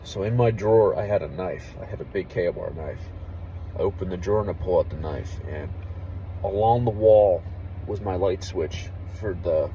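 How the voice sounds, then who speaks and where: A young man, an army veteran, tells a story in a low, mellow voice, candid and full of casual swearing. He lowers to a near hush when the story turns tense. Faint traffic noise from outside sits under his voice. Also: rough recording. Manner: candid, profane, drops to a hush for tense moments.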